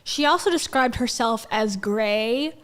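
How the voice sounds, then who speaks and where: A woman's voice: fairly high pitch, a little slow, slight background noise. A woman hosting a livestream, chatting casually and skeptically as she comments on event clips and greets viewers. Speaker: livestream host reviewing an event.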